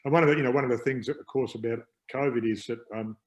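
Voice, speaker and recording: An Australian man, a guest and former pro footballer, chats on a video call in an upbeat, rambling way with many fillers. His medium-pitched voice is fairly even and quick-paced, and the recording is low quality.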